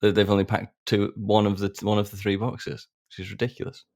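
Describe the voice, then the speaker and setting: A man's voice: fairly low pitch, flat delivery, fairly quick, a little mellow, no echo, studio quality. A man co-hosting a podcast, joking and laughing his way through casual banter. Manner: jokey, self-mocking, laughs often. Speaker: podcast co-host.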